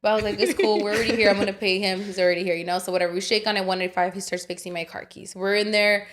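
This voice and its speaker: A young woman co-hosting a podcast, telling a story in casual chat, animated and swearing, acting out the voices of other people. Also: medium pitch, racing, a little hiss or hum. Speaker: podcast co-host.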